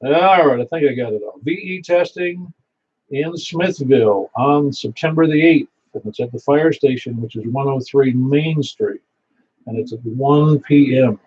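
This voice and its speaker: A man's voice: mid-range voice, measured pace, a little mellow. A man acting as net control for an amateur radio net, reading out announcements in a rambling, folksy way and repeating details to confirm them. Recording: slightly dull sound with faint hiss.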